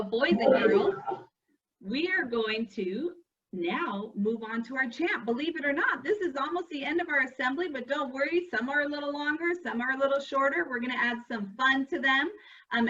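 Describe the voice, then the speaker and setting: Bright, animated woman leading a school assembly. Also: high-pitched, moderate pace, distant mic, highs cut off. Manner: animated, playful, talks to children. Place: school room, indoors.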